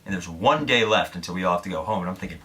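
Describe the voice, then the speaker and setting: A man's voice: low-pitched, rapid-fire, fairly bright tone, a little hiss or hum. A young man from Indiana, a vlogger telling a story to camera in a candid, self-deprecating way, swearing freely.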